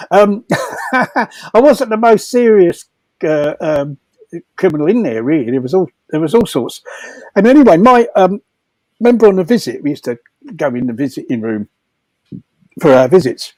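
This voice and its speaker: An older man spins a comic anecdote in a loose, rambling way, doubling back on his words and chuckling. His voice sits high and swings widely in pitch. The sound is dry and close. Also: darkish tone, no room sound, rough recording. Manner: rambling, repeats words, laughs through his stories. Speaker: storyteller at a comedy fundraiser. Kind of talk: casual anecdote telling.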